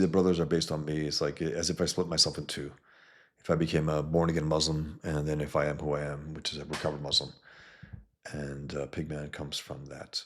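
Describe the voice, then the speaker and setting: With an extremely low, slightly rough voice, a man who creates comic books casually walks through his own work on a review vlog. He's blunt and emphatic, swears freely, and tends to repeat words as he goes.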